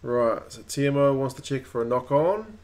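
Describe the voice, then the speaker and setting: A man's voice: medium pitch, lively intonation, darkish tone. New Zealand man commentating rugby live. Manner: rises and quickens at close plays. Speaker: rugby watch-along host. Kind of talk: live match commentary and chat.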